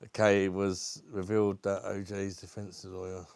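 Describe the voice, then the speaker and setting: Reviewing beer on a casual livestream, this British host delivers his chatter flatly at a moderate pace, his low voice gravelly and a little mellow. He swears casually, names viewers as he greets them, and has a lingering cough, all recorded with no room sound.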